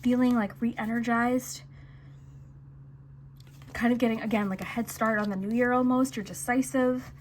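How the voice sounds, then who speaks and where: Speaking straight to camera at a normal speed, a woman with a slightly high voice gives a relaxed tarot reading, pausing often. Her chatty, reassuring talk is full of little fillers, and a faint hiss runs beneath the recording.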